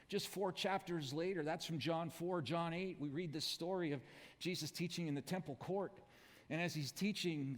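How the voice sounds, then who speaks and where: A male pastor preaching a sermon in a casual, conversational storytelling manner, full of asides, in a church sanctuary. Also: on the high side. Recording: reverberant church hall.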